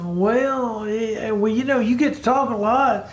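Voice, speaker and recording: Halting man talking sports. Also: very high voice, reverberant. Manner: halting, easygoing, many fillers. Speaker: sports writer, radio co-host. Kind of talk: casual sports radio chat.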